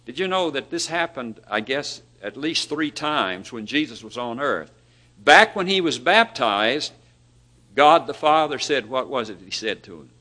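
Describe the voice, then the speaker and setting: A man preaching a sermon, asking his listeners questions, lifting his voice for emphasis and letting phrase ends fall very soft. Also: medium pitch, expressive, measured pace. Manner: dynamic, rising for emphasis and dropping to near-whispers at phrase ends; asks the listeners rhetorical questions.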